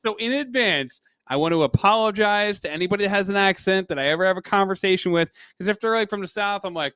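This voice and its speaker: A man co-hosting a podcast, telling a self-mocking story with animated energy. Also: high voice, fast, no echo. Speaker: podcast co-host. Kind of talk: casual podcast chat.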